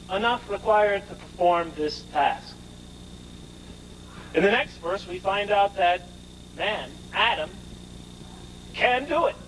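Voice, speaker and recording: A man's voice: high-pitched, fairly bright tone, a little hiss or hum, low-quality recording. A man giving a scripture lecture, explaining in an emphatic way and asking rhetorical questions of his listeners.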